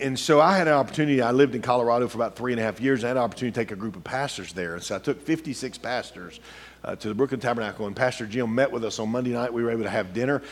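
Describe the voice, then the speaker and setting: A middle-aged man preaching a sermon, telling a story quietly, then building into rising, urgent preaching. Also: medium pitch.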